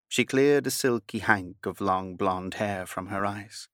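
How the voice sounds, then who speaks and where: Male audiobook narrator, measured storytelling delivery, in a low register, dry recording. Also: fairly even intonation, fairly bright tone, no echo. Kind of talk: scripted narration.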